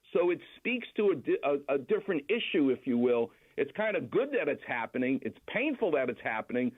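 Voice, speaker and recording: A man, a doctor guest, calling in and telling stories in casual chat over a phone line. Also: on the high side. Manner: storytelling, explanatory.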